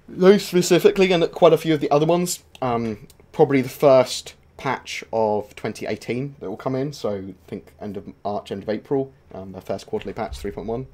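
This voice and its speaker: A man hosting a gaming channel, casually answering viewer questions on a livestream in a relaxed, rambling way with many filler sounds. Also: mid-range voice.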